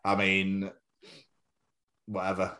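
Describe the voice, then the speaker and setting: Low-pitched and monotone, this young podcast co-host talks slowly, his tone bright and forceful. The casual chat rambles along with jokes and the occasional silly put-on voice.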